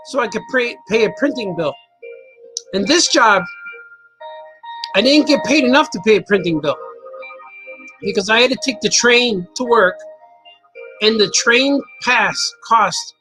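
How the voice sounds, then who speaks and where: A man's voice: high-pitched, pushed and bright, rough recording. A man hosting a casual chat show, telling rambling stories and giggling often between words. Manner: giggly storyteller, laughs often mid-sentence; rambling, playful, repeats words for effect. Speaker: host and cartoonist. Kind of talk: casual livestream chat, reading viewer comments.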